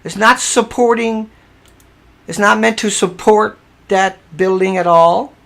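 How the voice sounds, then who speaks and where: This livestream commentator has a high-pitched, fairly bright voice. He presses his point again and again, often breaking off and trailing away while he deals with audio problems.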